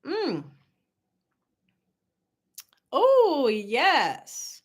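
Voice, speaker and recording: Her high-pitched voice swoops wildly in pitch while moving extremely slowly. She is a middle-aged woman hosting a casual cooking livestream, chatting with viewers, reading comments aloud and telling stories through frequent laughter, with plenty of "y'all."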